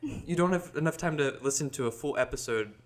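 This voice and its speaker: A woman's voice: low voice, brisk. A young woman co-hosting a podcast, talking casually and steering the talk back on topic. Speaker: podcast co-host. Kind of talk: casual chat.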